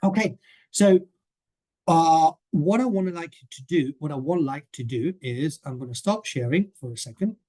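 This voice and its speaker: A man's voice: a little high, animated, moderate pace, dark tone. A man presenting a coursebook in a webinar over a video call, chatty and often checking in with the listeners. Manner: chatty, keeps checking in with "okay?". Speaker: teacher trainer presenting a coursebook.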